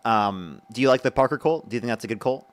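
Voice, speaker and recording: A young man hosting a live stream debate, quickly thanking donors by name between pointed questions. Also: mid-range voice, expressive.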